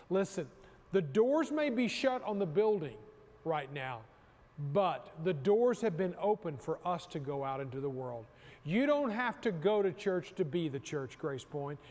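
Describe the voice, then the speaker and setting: A man's voice: sits high, darkish tone. A man preaching a sermon as the pastor, who speaks emphatically, repeats his phrases and calls on the congregation to say lines with him. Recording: long hall reverb.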